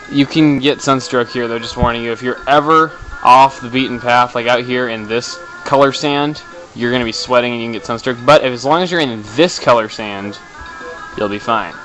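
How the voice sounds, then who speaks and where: A man giving chatty, excitable commentary while playing a video game, tossing in the odd swear for effect. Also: mid-range voice, normal speed, soft background music, low-quality recording. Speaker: let's play host. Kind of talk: casual gameplay commentary.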